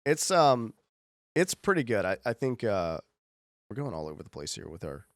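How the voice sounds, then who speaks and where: In clean studio sound without echo, a male podcast co-host talks at a moderate pace in a medium, sing-song voice. His casual chat rambles, packed with fillers and restarts.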